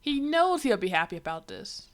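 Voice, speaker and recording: A woman's voice: mid-range voice, sing-song, moderate pace. A woman livestreaming, giving casual reaction commentary in an exasperated, ranting way.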